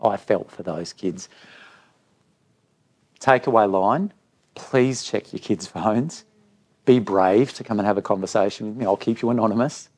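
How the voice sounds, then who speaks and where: Man, low pitch, school leader, live parent talk, candid storytelling. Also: unhurried, pauses often, slightly rough. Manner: candid storytelling, animated when quoting others. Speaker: school director of middle years. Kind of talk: speaking at a live parent info night.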